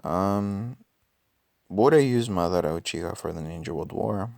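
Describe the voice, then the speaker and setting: A man with a raspy, just-woken-up voice, thinking aloud with many ums and self-corrections during casual gameplay commentary. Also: sits low, moderate pace, a little mellow, no echo, clean studio sound. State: just woke up. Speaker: mobile game player.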